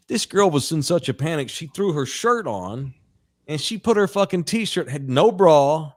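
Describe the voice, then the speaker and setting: A man's voice: a little high, very animated, moderate pace, a little mellow. A man in his forties, a podcast co-host, telling a long crude anecdote in a casual, rambling way with plenty of profanity. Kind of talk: casual sports podcast storytelling.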